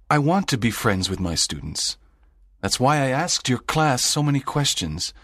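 An actor playing a sad, lonely, strict middle-aged teacher in an audiobook drama, speaking in a grave, measured way. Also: male voice, lowish voice, fairly bright tone, dry recording, studio quality. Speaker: narrator's teacher.

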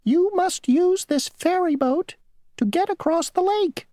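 Squeaky little mosquito guy ferrying folks, bossy about rules and braggy, slow and stretched out, very high, a lady doing him. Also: animated, warm tone, dry recording, studio quality. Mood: stern, insistent. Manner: squeaky, stern, drawn-out pronouncements. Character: tiny fussy male mosquito ferryman, rule-bound, boastful. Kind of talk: storybook reading.

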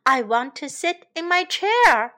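A woman voicing an old, tired male elephant king in a children's storybook, complaining loudly in a fussy, whiny way. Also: high voice, very animated, a little slow, full character voice. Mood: fretful.

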